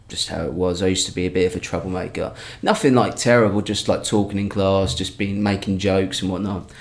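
A young man tells a story in a relaxed, chatty way. His voice sits on the low side, and he keeps restarting and correcting himself as he goes. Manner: rambling, self-correcting anecdote telling. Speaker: comedian guest. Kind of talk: casual storytelling.

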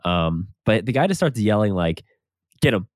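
A young man co-hosting a podcast, discussing a movie in relaxed, enthusiastic casual talk. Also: fairly low pitch, moderate pace, dry recording, studio quality. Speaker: podcast co-host.

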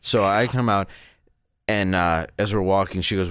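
A man's voice: sits low, expressive, moderate pace, a bit bright, clear, resonant tone, no echo, studio quality. A man in his thirties, a stand-up comedian, telling candid, rambling stories in a casual interview.

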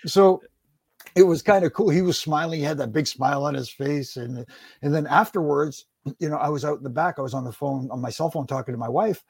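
A man telling animated stories in a casual podcast chat about wrestling. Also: fairly high pitch, a little fast, creaky, husky, no echo. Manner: storytelling, animated anecdotes with acted quotes.

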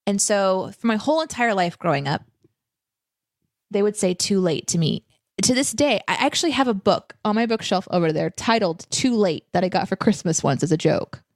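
A woman co-hosting a casual livestream chat, reading viewer questions and telling lively stories. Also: medium pitch, a little fast, no echo, clean studio sound.

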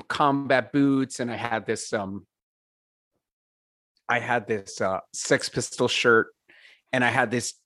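A man's voice: medium pitch, a bit bright, no room sound, studio quality. A man telling stories in a casual interview, rambling with lots of fillers, laughing and swearing. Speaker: podcast guest, singer.

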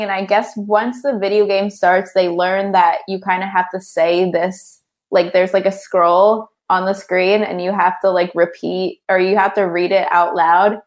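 A young adult woman co-hosting a casual movie podcast, chatty and giggly, peppering her talk with "like". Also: medium pitch. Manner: chatty, laughs often, lots of "like". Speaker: podcast co-host. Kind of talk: casual movie recap chat.

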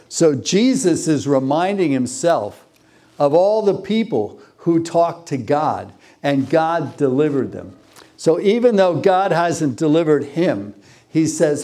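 A man's voice: on the high side, lively intonation, slow, mellow. A man preaching a sermon, who reads scripture aloud, repeats phrases for emphasis and asks the congregation questions.

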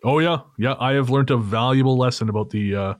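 A man's voice: mid-range voice, steady tone, fast, no echo. A man hosting a podcast, telling a story in a casual, wry and digressive way, with frequent restarts. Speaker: podcast host.

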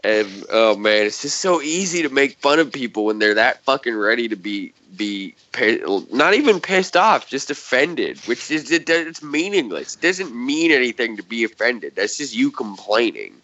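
A man's voice: mid-range voice, animated, moderate pace, few pauses, sharp tone. A man chatting casually on a podcast, telling a rambling story full of swearing and sarcasm. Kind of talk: casual chat. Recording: dull lo-fi sound.

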